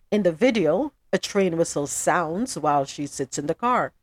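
A woman's voice: on the low side, no room sound. Emphatic woman podcast host, dry close sound. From South Florida. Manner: reads news items evenly, then gets loud and emphatic in her opinions. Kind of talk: news recap with personal commentary.

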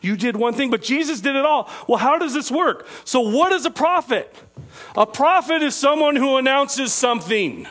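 High-pitched male preacher, interactive teaching sermon, quizzes the room, stretches out key phrases. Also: animated, fairly bright tone. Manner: asks the listeners questions, slows down on key phrases.

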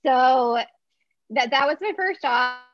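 A woman who founded a small business tells her story in a casual interview, chatty and excitable, full of filler words. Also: high voice, slow pace, lo-fi sound.

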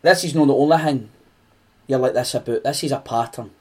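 A man with a Scottish accent voicing a calm male teacher who speaks softly and gently. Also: close to an everyday voice. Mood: gentle. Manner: soft, low, slow and gentle.

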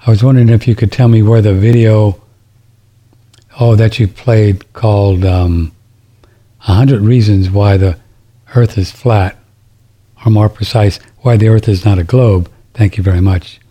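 Middle-aged male radio host, low husky voice, rambling and riled up, restarts a lot. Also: fairly even intonation, measured pace, long pauses, dark tone. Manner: rambling, indignant, restarts sentences. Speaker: radio talk show host. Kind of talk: casual talk radio monologue.

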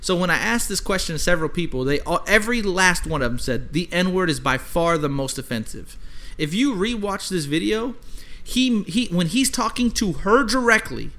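High-voiced guy ranting, swears a ton, says like constantly. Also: animated, normal speed, bright, forceful tone. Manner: emphatic, heavy swearing, many "like" fillers. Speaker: podcast co-host. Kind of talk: casual chat.

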